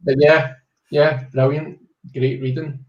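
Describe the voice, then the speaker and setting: A man with a Scottish accent giving an upbeat tarot reading on a live online stream, talking quickly with plenty of "um"s. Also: a little high, little pitch movement, roomy sound, lo-fi sound. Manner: rapid, upbeat, filler-heavy. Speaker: tarot reader. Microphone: video call.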